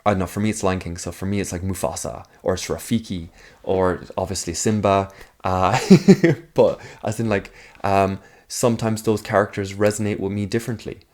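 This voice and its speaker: A man's voice: deep voice, fairly even intonation, moderate pace, darkish tone. A man talking casually to camera, rambling through his ideas with lots of fillers and asides, sometimes arguing back at himself. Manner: rambling, thinks aloud with many fillers and asides; argues with himself in a mock second voice. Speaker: video essayist. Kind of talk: casual talking-head monologue.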